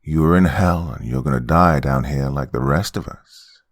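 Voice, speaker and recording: A man voicing a demonic female emergency dispatcher who speaks calmly and then turns mocking. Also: rumbling low, normal speed, no room sound, clean studio sound. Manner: calm then mocking, cackling.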